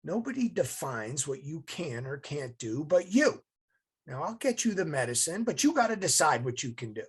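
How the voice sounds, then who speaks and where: A man's voice: on the high side, big pitch swings, normal speed, breathy edge, full character voice. A man voicing a stern, tough-loving mother who urges her son on, over a video call. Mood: firm. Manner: firm, urging.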